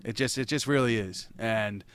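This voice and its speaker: A man's voice: mid-range voice, moderate pace, a bit bright, smooth. A man in casual chat, telling a rambling, profanity-laced story and laughing between lines.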